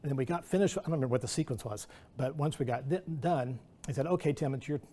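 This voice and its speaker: A man's voice: mid-range voice, fast, dark tone. A middle-aged man, a guest artist, telling rambling anecdotes at an artist talk, acting out quotes. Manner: rambling anecdotal delivery with restarts and acted-out quotes.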